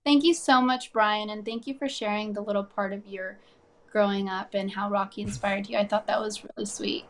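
A woman in a casual interview, gushing with excitement and padding her thoughts with fillers. Her voice sits at a middling pitch and her talk runs bubbly and eager. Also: moderate pace, slight background noise. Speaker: actress guest.

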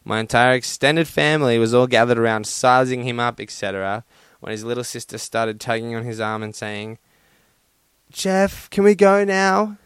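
A man's voice: medium pitch, fairly even intonation, brisk, few pauses, a bit bright, smooth, no room sound. Swearing, self-mocking young man podcaster. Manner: profane, self-deprecating, joking. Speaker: podcast host. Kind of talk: casual solo podcast chat.

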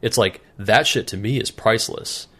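Telling foul-mouthed stories on a laid-back podcast he co-hosts, a man performs the quoted voices of the characters involved. His voice sits lowish, with a fairly bright tone and a moderate pace.

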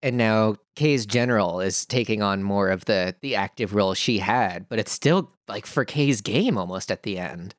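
A man's voice: lowish voice, normal speed, hardly any pauses, dry recording, clean studio sound. A man co-hosting a podcast, chatting animatedly about a reality show, swearing casually and acting out quotes. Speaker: podcast co-host.

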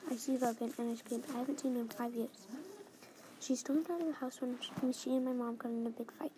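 A young female reader reading her own story aloud in the first person, halting and restarting phrases as she reads. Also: a little high, fairly even intonation. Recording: faint background noise.

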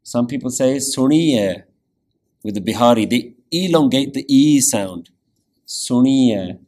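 A man teaching a Sikh scripture lesson, explaining meanings and pronunciation with careful, deliberate explanation and frequent "yeah?" check-ins. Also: medium pitch, lively intonation, a little mellow. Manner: pronounces Punjabi scripture carefully.

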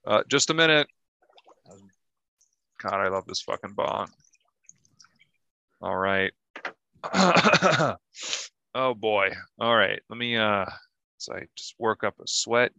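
A man's voice: lowish voice, measured pace, creaky, pauses often, sharp tone, clean tone, no room sound. A man co-hosting a comedy podcast, rambling casually and swearing freely. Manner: rambling and profane. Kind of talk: casual chat.

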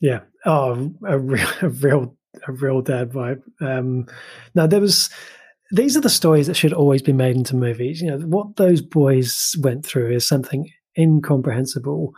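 Man, film podcast co-host, husky voice, dry close sound, chatty and keen. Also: medium pitch, moderate pace, darkish tone, no room sound. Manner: chatty and enthusiastic, with frequent fillers and restarts. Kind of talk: casual film review chat.

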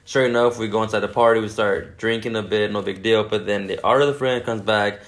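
A man's voice: lowish voice, steady tone, a little fast, hardly any pauses. A man casually telling a long story in a podcast chat, swearing constantly and rambling. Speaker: podcast co-host.

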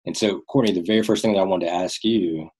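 A man from the Prince George's County area hosting a conversation, relaxed and using fillers. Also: sits low, fast talker, breathy edge, poor audio. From Prince George's County, Maryland area. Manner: relaxed, with fillers, steers the topic. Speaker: host. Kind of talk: podcast hosting.

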